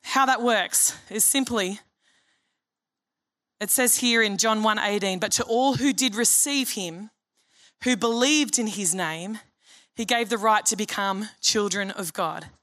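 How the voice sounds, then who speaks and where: A woman's voice: fairly high pitch, fairly bright tone. A woman pastor preaching a sermon in an earnest, storytelling way. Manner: earnest, storytelling, acts out dialogue.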